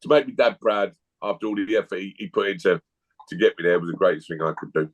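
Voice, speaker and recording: A man's voice: deep voice, fast talker, highs cut off. A man, a guest telling blunt, jokey stories in a casual chat.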